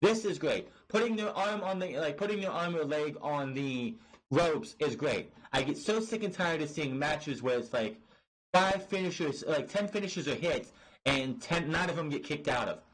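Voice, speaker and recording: A man's voice: fairly high pitch, expressive, normal speed, fairly bright tone, rough recording. A man hosting a wrestling review, ranting in an exasperated, profane way with lots of restarts and fillers. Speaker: podcast host reviewing wrestling.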